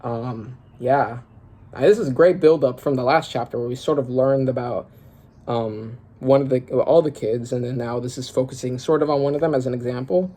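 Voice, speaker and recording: Excitable young man with a mellow voice. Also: medium pitch, normal speed. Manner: excitable, slangy, thinks aloud with many fillers. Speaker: manga reaction creator. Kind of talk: casual reaction while reading a comic aloud.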